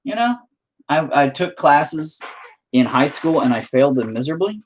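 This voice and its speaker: A man's voice: fairly high pitch, animated, normal speed, slight background noise. A man talking to himself while painting, casual, profane and self-mocking, rambling and frustrated as he thinks aloud. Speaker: painting vlogger.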